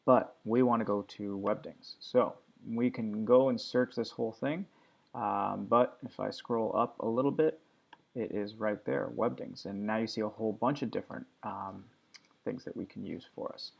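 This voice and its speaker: Male teacher, gravelly low voice, relaxed step-by-step tutorial narration, dull lo-fi mic. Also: moderate pace. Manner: relaxed step-by-step walkthrough talk. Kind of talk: screen-recorded software tutorial.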